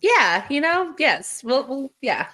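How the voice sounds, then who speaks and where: A woman's voice: high voice, very animated, slow pace, sharp tone. A woman co-hosting a casual podcast, laughing often and hesitating and trailing off mid-sentence. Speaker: podcast co-host. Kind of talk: casual chat.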